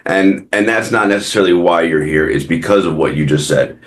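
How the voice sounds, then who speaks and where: A man's voice: deep voice, brisk. A man hosting a local business podcast, asking questions and repeating himself as he finds his words. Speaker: podcast host. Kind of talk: interview questions.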